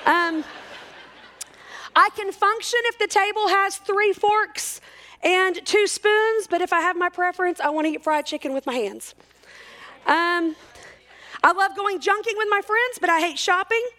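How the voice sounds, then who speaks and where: A woman's voice: very high voice, unhurried, pushed and bright. A woman in her forties giving a chatty, self-mocking talk to a church crowd, full of jokes. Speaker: church speaker. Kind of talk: humorous talk at a church service.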